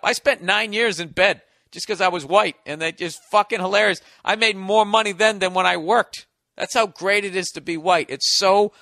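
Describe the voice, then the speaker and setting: Sarcastic, high-voiced man ranting. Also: moderate pace, pushed and bright, no room sound, clean studio sound. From United States. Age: 40s. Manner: sarcastic, profane, mock-outraged. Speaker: podcast host. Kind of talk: sarcastic solo podcast rant.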